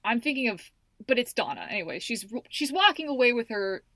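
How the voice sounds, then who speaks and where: A woman's voice: fairly high pitch, very animated, fairly quick, fairly bright tone, no room sound. A young woman chatting casually as a podcast co-host, laid-back and laughing, with casual slang. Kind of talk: casual chat.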